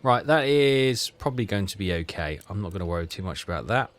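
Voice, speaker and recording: A man giving casual commentary on a strategy game, thinking aloud with halting, self-correcting phrases. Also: fairly low pitch, animated. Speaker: gaming channel host.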